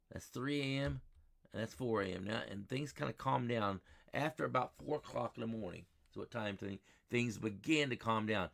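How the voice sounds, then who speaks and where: A man hosting a live weather stream, talking excitedly over radar maps and repeating himself as he rambles. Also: mid-range voice, gravelly.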